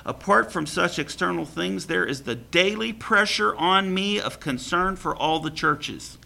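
Animated gravelly preacher man. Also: high voice, unhurried. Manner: animated, acts out biblical quotes with laughs. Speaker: pastor. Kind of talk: sermon.

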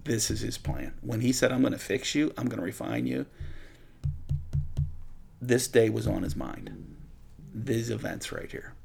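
A man's voice: mid-range voice, a little slow, creaky, long pauses, darkish tone, soft background music. A man leading an informal Bible study, teaching conversationally and praying, often restarting his sentences.

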